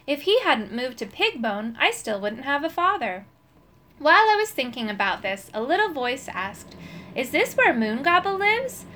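A woman narrating a children's storybook in an expressive, storytelling manner. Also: high voice, normal speed, slight background noise. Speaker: audiobook narrator.

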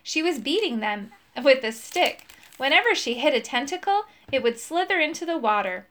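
A woman narrating a children's storybook in a clear, expressive read-aloud manner. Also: sits high, moderate pace. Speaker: storybook reader.

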